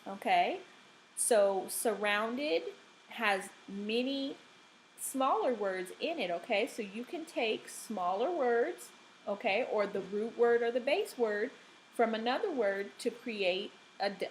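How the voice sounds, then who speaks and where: A woman teacher giving a recorded reading lesson, speaking deliberately and checking in often with the class. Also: on the high side, expressive, a little hiss or hum, low-quality recording. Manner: slow, deliberate, checks in with frequent "okay?".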